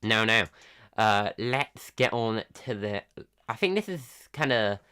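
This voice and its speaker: A man hosting a live tech news roundup in a casual, halting way, full of pauses, ums and restarts. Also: fairly low pitch, expressive, sharp tone, smooth. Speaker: tech news livestream host.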